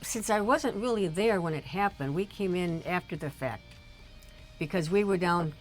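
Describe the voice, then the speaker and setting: A middle-aged woman, a mother chatting casually on a livestream, halting and often restarting her sentences. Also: on the low side, soft background music. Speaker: streamer's mother, guest. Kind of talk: casual family chat on a livestream.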